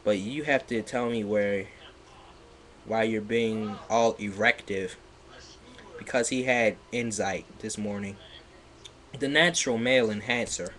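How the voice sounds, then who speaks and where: A man on a livestream reading fan fiction aloud in a mocking dramatic way, sarcastic, with loud outbursts and laughter, sounding a bit stuffy. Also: lowish voice, a little slow, pauses often. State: slightly stuffy.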